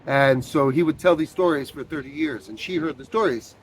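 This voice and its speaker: A man being interviewed about his one-man show, telling stories in a relaxed, chatty way with plenty of fillers and little acted-out quotes. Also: a little high, a little fast. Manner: storytelling, acts out quoted voices, frequent fillers. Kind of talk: casual interview chat.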